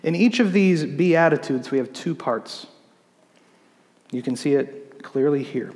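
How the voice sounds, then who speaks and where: A man, a pastor, preaching a sermon in an explanatory teaching manner, slowing down to read scripture. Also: fairly high pitch, a little mellow, in a large hall.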